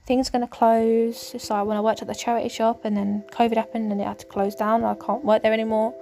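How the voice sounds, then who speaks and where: A woman hosting a casual faith podcast, talking in a rambling, hesitant way with many pauses and fillers. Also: on the high side, level tone, mellow. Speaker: podcast host. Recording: music clearly underneath.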